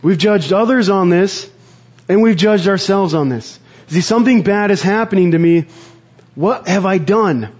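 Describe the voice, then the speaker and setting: A man preaching a sermon in an earnest, conversational way, pausing to reflect. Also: high-pitched, a little mellow, lo-fi sound. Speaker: pastor.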